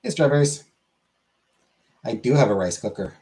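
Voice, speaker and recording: A man's voice: medium pitch, expressive, normal speed, dark tone. A man streaming and answering his chat in a laid-back way, swearing casually.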